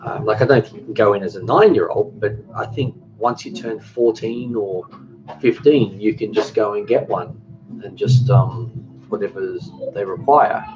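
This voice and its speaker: Low-voiced Australian man rambling on a stream. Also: normal speed, noisy background. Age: 40s. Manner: rambling, reads viewer comments aloud, frequent restarts. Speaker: cooking channel host. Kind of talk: casual live-stream chat. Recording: dull lo-fi stream audio with music. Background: music.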